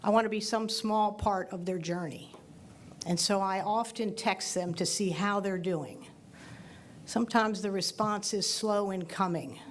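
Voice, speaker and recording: A middle-aged woman professor giving closing remarks at a ceremony, telling a gently humorous story. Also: medium pitch, unhurried, a little hiss or hum. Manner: warm, lightly humorous storyteller.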